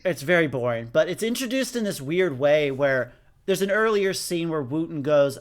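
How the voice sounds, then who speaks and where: A man co-hosting a casual podcast, recapping an episode and mocking the characters in quick put-on voices. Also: on the high side. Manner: animated, jumps into mocking voices when quoting characters. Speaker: podcast co-host.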